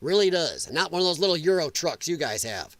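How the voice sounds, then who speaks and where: A middle-aged man from Illinois hosting a live political stream, his voice sitting high and swinging widely up and down. He is profane and mocking and laughs a lot between jabs. The sound is dry and close, with no room around it. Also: fast talker, dry recording. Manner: animated, drops into sarcastic mimicking voices.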